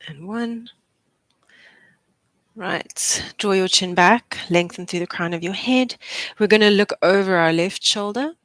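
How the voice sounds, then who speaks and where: A woman's voice: mid-range voice, a little slow, pauses often, a bit bright, dry recording. A young adult woman, a physiotherapist, leading a live posture class with encouraging, chatty cues and frequent laughs. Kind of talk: live exercise class instruction.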